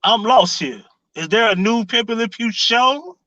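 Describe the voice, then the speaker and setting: Male streamer, high bright voice, sarcastic questions, dry close sound. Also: animated, measured pace, no room sound, lo-fi sound. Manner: sarcastic rhetorical questions, greets chatters. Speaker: livestream commentary host. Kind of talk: casual live-stream commentary.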